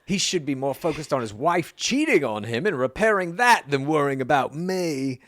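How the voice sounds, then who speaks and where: A man co-hosting a podcast, recapping entertainment news in a wry, animated way. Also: fairly high pitch, normal speed, dry recording, clean studio sound. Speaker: podcast co-host. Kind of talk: casual news recap chat.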